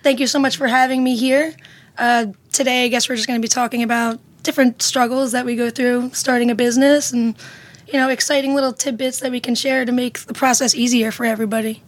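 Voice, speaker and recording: Woman, chef, raspy, a bit hoarse, fairly high pitch, polite. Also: little pitch movement, quick pace. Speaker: chef, guest. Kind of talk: podcast interview conversation.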